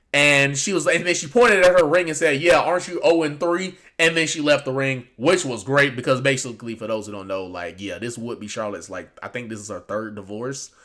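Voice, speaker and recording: Dude rambling casual commentary, lots of "you know", bright punchy tone. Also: male voice, medium pitch. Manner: rambling, conversational, many fillers and restarts. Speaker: wrestling commentary YouTuber. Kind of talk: casual reaction talk.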